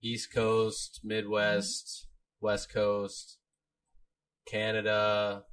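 A man's voice: on the low side, completely flat delivery, drawn-out words, fairly bright tone, clean tone. A man co-hosting a livestream, upbeat, reading out where viewers are tuning in from. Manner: upbeat, listing viewer locations. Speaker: co-host reading the chat. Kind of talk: casual livestream chat.

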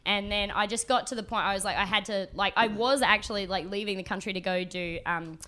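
A woman's voice: mid-range voice, steady tone, fairly quick, sharp tone. A woman comedian, a podcast guest, telling rambling, sweary stories in casual chat and laughing often.

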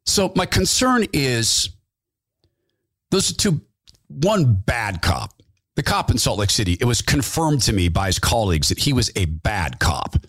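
A man's voice: mid-range voice, very animated, measured pace, fairly bright tone, slightly rough, dry recording, clean studio sound. A middle-aged man hosting a talk radio show, telling folksy stories and acting out the quotes. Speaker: radio host. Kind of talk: storytelling talk radio monologue.

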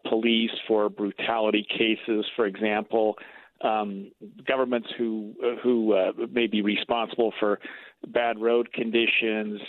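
A man who is a defense attorney, calling in as a guest and giving measured, explanatory answers. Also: on the low side, no room sound. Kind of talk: phone-in interview. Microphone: phone. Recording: tinny phone line.

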